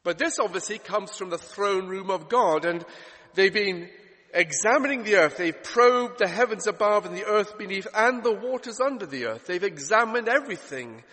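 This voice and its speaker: A man's voice: sits high, animated, normal speed, pushed and bright, in a large hall. A man preaching a sermon in an expository style, asking rhetorical questions and piling up repeated phrases for emphasis.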